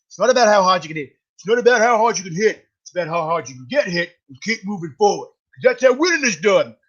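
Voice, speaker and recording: Gruff, mumbling boxer put on by a man, dogged, pitched higher than his own voice, lo-fi audio. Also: racing, lightly acted. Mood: pep-talk. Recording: dull lo-fi sound.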